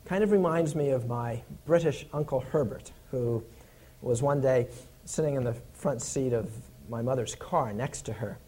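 A man preaching a sermon in an earnest, emphatic way, repeating his key points and dropping to a low, hushed tone when he tells stories. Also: normal speed, husky.

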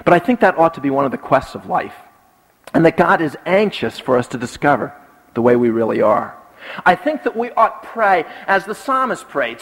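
A pastor giving a sermon, telling personal stories and repeating key lines for emphasis. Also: male voice, on the high side, very animated, normal speed, a bit bright, breathy edge. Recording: long reverb from a large hall.

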